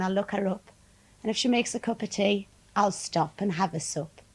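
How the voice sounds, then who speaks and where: A woman's voice: medium pitch, low-quality recording. A woman with a Geordie accent from Tyneside, a club entertainer reciting a comic dialect poem and chatting as a guest on a 1980 television show. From Tyneside, North East England. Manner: lively comic delivery in broad dialect. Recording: 1980 television studio recording.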